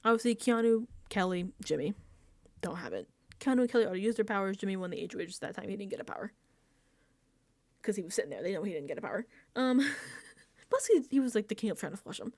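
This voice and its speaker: A woman's voice: mid-range voice, animated, quick pace, a little mellow, no echo. A woman casually recapping a reality show episode, chatty and laughing often, sometimes dropping into whispered asides. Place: indoors, home setup.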